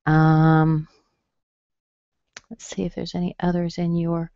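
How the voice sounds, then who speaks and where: Lady teaching pronunciation online, slow careful syllables, kinda dull dry audio. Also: lowish voice, completely flat delivery, warm tone, no room sound. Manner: slow, careful, over-enunciated demonstrations of stress. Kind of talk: webinar lesson.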